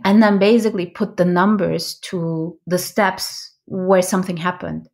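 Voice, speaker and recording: A woman's voice: lowish voice, vocal fry. A woman guest in an interview explaining her field, often tagging her points with "right?" and correcting herself as she goes. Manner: laughs easily. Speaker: podcast guest, product expert.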